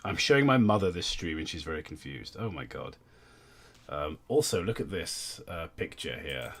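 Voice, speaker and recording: A man's voice: a bass voice, big pitch swings, normal speed, a bit bright, husky. A young man hosting a livestream, reading aloud and thanking donors in a wry, sweary way. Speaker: livestream host. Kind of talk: casual livestream commentary.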